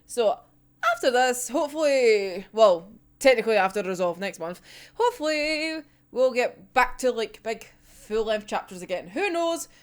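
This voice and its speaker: An excitable woman ranting about a manga chapter, swearing freely and breaking into laughter. Her voice is high, and her pitch leaps about with every outburst. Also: normal speed, smooth. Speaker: manga reviewer. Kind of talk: casual reaction ranting.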